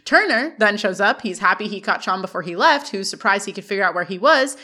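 A woman's voice: mid-range voice, expressive, a little fast, sharp tone. A young woman co-hosting a podcast, chatting casually and recapping a TV episode with lots of "like" fillers. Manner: chatty, many "like" fillers, acts out quoted lines. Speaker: podcast co-host.

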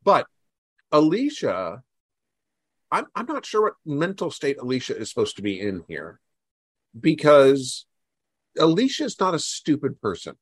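Wry, animated man on a podcast. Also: fairly high pitch, a little slow, pauses often, slightly rough, no echo. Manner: sarcastic and wry. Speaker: podcast co-host. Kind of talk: casual critical commentary.

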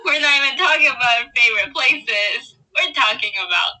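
A woman's voice: sits high, fairly quick, sharp tone, poor audio. A young woman in casual chat, playful and musing aloud with puzzled questions.

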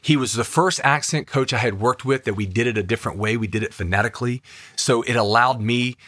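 A man's voice: mid-range voice, fairly quick, a bit bright, no echo, studio quality. A man, a podcast co-host and actor, chatting casually and telling an enthusiastic personal story.

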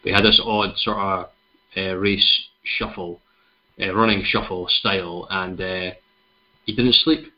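Chatty Scottish man, low voice. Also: a little slow. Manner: relaxed, chatty, many fillers. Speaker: podcast host. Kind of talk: casual chat, storytelling. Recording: dull lo-fi recording.

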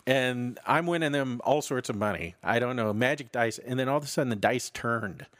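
Male pastor, wry storyteller, animated pitch, dry close sound. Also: brisk, no room sound. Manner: wry, self-mocking, laughs at his own stories. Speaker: podcast co-host, pastor. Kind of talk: casual storytelling chat.

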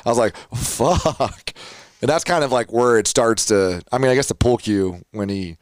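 A man's voice: fairly low pitch, brisk, clear, resonant tone, dry recording. A young man on a casual movie podcast, rambling and laughing often into a close mic. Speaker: podcast co-host.

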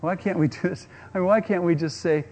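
A man's voice: high-pitched, a little fast, darkish tone, a little hiss or hum. A man preaching a sermon, using rhetorical questions and acting out quotes. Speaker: pastor.

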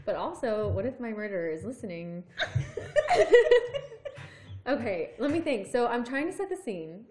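A woman's voice: medium pitch, expressive, normal speed, a little mellow, a little hiss or hum. A young woman from Arkansas co-hosting a casual chat, rambling and laughing often. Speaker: podcast co-host.

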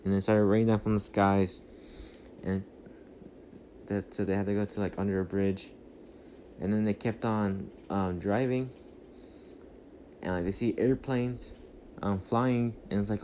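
A man's voice: lowish voice, steady tone, a little slow, pauses often, warm tone, slight background noise. Rambling man recapping a movie. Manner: rambling, lots of fillers and restarts. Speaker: podcast host. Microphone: phone.

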